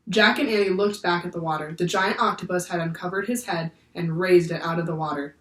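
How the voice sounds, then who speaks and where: A woman teacher reading a children's book aloud in clear, steady storytelling. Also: on the low side, brisk, few pauses. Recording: echoey room, far from the mic.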